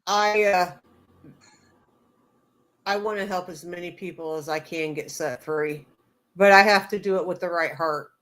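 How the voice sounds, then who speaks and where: A woman guest on a live faith stream, speaking in a halting, hesitant way with many fillers. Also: lowish voice, a bit bright. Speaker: guest sharing her testimony. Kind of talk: casual heartfelt live chat.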